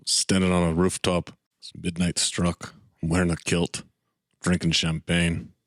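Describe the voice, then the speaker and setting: A man's voice: low-pitched, monotone, a little slow, a bit bright, dry recording. A man voicing a champagne-drinking Scotsman at midnight, in a put-on Scottish accent. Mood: wistful. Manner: playful, laughing at his own bit.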